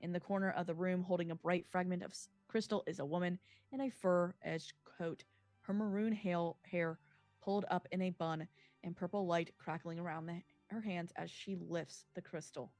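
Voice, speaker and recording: A woman's voice: on the low side, steady tone, normal speed, darkish tone, no room sound, soft background music. Woman game master narrating vividly. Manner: descriptive, with small slips.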